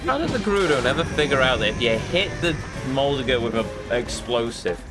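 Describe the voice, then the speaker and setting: A man's voice: mid-range voice, very animated, a little fast. A man doing casual, rambling gameplay commentary with wry grumbles. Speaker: let's play host. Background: game music.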